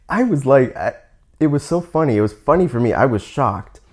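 A man's voice: medium pitch, big pitch swings, unhurried. A man with a Canadian accent talking candidly in a casual monologue, often restarting and stopping to explain words for learners.

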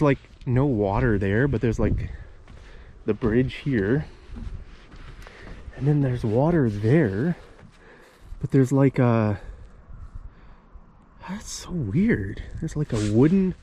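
A man's voice: medium pitch, a little mellow, slight background noise. A man hosting a casual English-teaching vlog outdoors in a park, talking while he walks and explaining words as he goes. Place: outdoors in a park with bushes and a bridge.

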